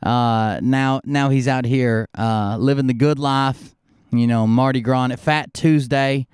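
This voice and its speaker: A man's voice: mid-range voice, steady tone, a little slow, a little mellow, smooth, no echo, clean studio sound. A man hosting a live stream, rambling casually with lots of fillers and swearing, a little sick. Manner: loose, profane, filler-heavy. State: slightly sick. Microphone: close desk mic.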